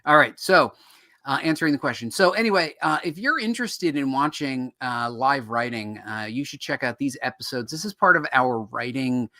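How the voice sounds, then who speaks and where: A man's voice: mid-range voice, moderate pace, no echo, studio quality. A man co-hosting a show on writing comics, explaining in casual chat and acting out quoted reactions. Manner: animated, acts out quoted reactions.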